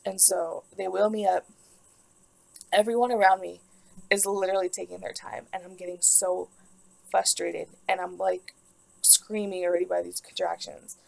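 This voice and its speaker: In a rough recording, a young woman shares a personal story on her vlog at a moderate pace. She rambles emotionally and leans heavily on "like," and her lowish voice has a gravelly texture.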